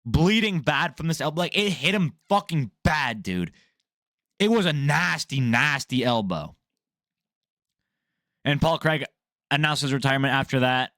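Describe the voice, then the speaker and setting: Blunt, ranting young man, fairly high voice. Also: a little slow, long pauses, no room sound, studio quality. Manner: blunt, profane, animated ranting. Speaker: MMA news host. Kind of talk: casual opinionated commentary.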